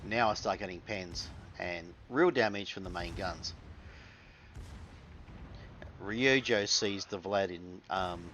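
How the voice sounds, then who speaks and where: A man's voice: sits low, a little slow, fairly bright tone, a little hiss or hum. An Australian man giving casual, wry commentary over his own gameplay, full of crude slang.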